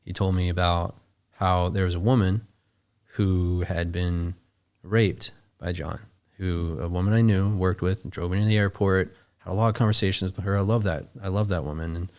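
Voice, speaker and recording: A man's voice: sits low, steady tone, normal speed, a little mellow. A man, a podcast guest, telling a long story in casual, rambling fashion, often restarting his sentences and swearing freely. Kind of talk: conversational storytelling.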